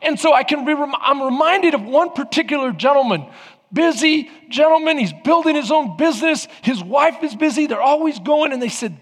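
Preacher, male, very high voice, storytelling sermon with crowd call-outs, long echo of a big church hall. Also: lively intonation, brisk, a bit bright, breathy edge. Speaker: pastor.

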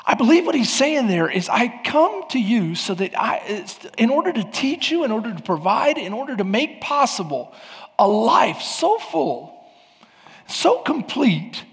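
A man preaching a sermon as pastor of a church, with emphatic rises and sudden shouts. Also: high voice, long reverb tail. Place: church sanctuary.

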